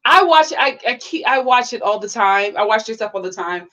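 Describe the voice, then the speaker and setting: A young woman hosting a casual livestream, chatty and bubbly, full of "like" fillers and sudden excited high exclamations. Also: fairly quick, highs cut off. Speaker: YouTube reality-TV reviewer reading live chat.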